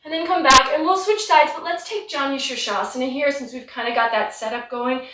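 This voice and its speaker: A woman leading a guided yoga class from home, giving relaxed, encouraging cues while slightly out of breath. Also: sits high, fairly quick. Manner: relaxed, encouraging cues with light self-deprecation. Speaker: yoga instructor. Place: home practice room. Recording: roomy sound from a distant mic.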